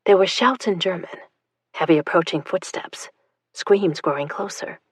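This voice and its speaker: Woman narrator, audiobook, tense hushed reading, husky lowish voice. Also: normal speed, no room sound.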